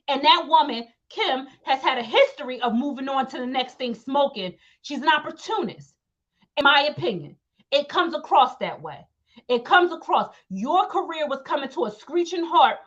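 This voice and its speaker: Young woman ranting hard, high voice, repeats words for punch, kinda muffled lo-fi sound. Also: a bit bright. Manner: emphatic, repetitive, acts out quotes. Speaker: commentary channel host. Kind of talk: opinionated commentary rant.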